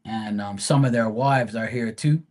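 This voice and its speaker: A man's voice: on the low side, unhurried, darkish tone. A man hosting a live stream, telling a casual story in a blunt, profane, rambling way.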